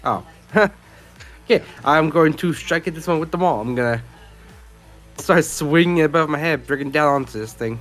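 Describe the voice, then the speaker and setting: A man playing a tabletop game, upbeat and quick to laugh as he declares his attacks. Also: on the high side, fairly bright tone, soft background music. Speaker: player.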